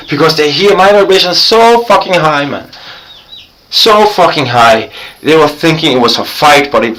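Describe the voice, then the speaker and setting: Profane, excitable man with bright voice. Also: on the high side, low-quality recording. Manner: profane, excitable, swings between loud and quiet. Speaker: vlogger. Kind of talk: rambling storytelling monologue.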